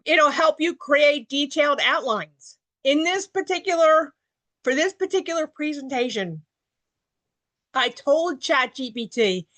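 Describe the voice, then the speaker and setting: A woman's voice: high-pitched, fairly bright tone, no echo. A woman giving an online workshop talk while getting over a cold. She explains things plainly and often repeats a point in other words. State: getting over a cold, coughing now and then. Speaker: workshop presenter.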